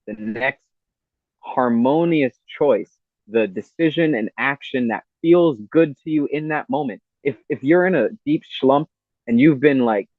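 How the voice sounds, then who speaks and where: A man's voice: mid-range voice, dry recording. Man talking spirituality over a tinny line. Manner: earnest, rambling, peppered with "you know" and "man". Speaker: podcast guest. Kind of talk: spiritual talk in casual interview.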